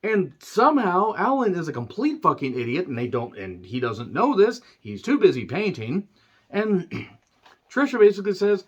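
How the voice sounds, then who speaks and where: A man ranting through a movie recap, sarcastic and profane, often clearing his throat. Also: medium pitch, sing-song, normal speed, lo-fi sound. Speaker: movie reviewer.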